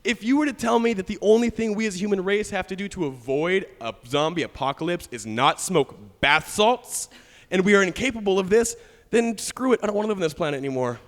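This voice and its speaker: On a studio stage before a live audience, a young man does crude, brash stand-up and cracks himself up. He speaks a little fast in a high voice, and the recording carries long hall reverb from the crowd-filled room.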